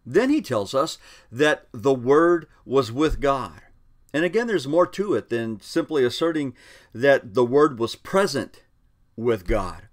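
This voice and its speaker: A man preaching a sermon, measured and emphatic, often repeating and restarting words. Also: mid-range voice, very animated.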